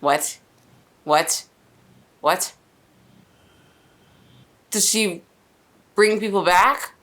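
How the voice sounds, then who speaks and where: A woman's voice: mid-range voice, extremely slow, a bit bright. A woman hosting an anime reaction, reacting live with stunned questions, exclamations and free swearing.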